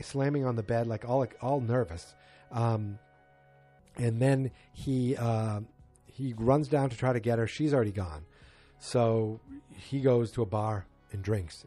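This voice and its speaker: A man casually recapping a TV episode in a rambling way, acting out the characters' lines as he goes. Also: medium pitch. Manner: rambling, animated, quotes characters.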